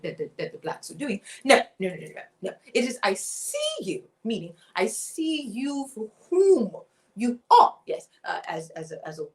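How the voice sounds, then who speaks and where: A woman hosting an online chat room in a satirical, over-the-top manner, with theatrical drawn-out emphasis. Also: medium pitch, poor audio. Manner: theatrical, breathy drawn-out emphasis, swooping intonation.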